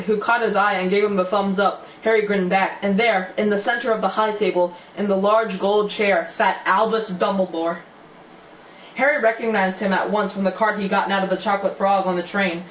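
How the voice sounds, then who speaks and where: Reading a novel aloud in a mid-range, slightly bright voice, an amateur narrator stumbles and starts over at times and drops casual asides. The audio sounds dull, distant, and roomy, with a faint hiss.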